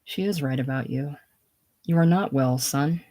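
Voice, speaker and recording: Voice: medium pitch, normal speed, mellow, pitched below the performer's own voice, lightly acted. A reader doing a blunt, teasing man. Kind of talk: casual solo play reading.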